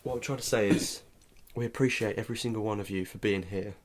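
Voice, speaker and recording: A man's voice: on the low side, fast talker, a little hiss or hum. Young man with a cold, mock-gloomy. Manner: mock-gloomy, deadpan jokes. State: has a cold, congested. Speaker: podcast co-host. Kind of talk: casual chat.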